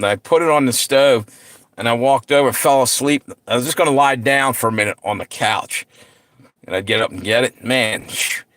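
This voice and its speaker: A man's voice: mid-range voice, a bit bright, no echo. A middle-aged man hosting a livestream, chatting casually with viewers and telling stories, laid-back, laughing often and swearing freely. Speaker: livestream host.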